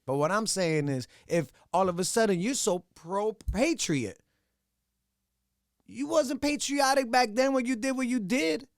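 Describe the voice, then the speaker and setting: Young adult male podcaster, high-pitched, dry close mic, profane unfiltered monologue. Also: dry recording. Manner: blunt, profane, ranting. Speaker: podcast host.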